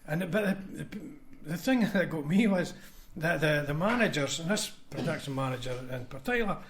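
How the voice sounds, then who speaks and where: A Scottish man speaks briskly in an expressive voice on the high side. He used to be a union convener and now swaps blunt stories on a casual podcast, mimicking what others said.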